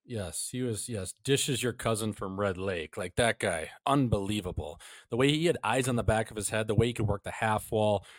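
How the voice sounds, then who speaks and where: A man's voice: on the low side, fairly quick, hardly any pauses, no echo. A man hosting a hockey podcast, joking and swearing in casual chat. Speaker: podcast host.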